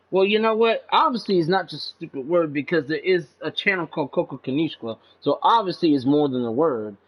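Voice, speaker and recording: A man talking in a casual, rambling monologue to his channel, profane and agitated, saying "man" a lot, with his pitch jumping up when he gets indignant. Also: expressive, fairly quick, hardly any pauses. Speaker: channel host. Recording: dull lo-fi recording.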